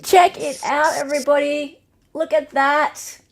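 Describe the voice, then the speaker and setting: An Australian woman hosting a livestream quiz, playfully reading out multiple-choice options slowly and repeating them. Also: sits high, fairly even intonation. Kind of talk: casual livestream chat.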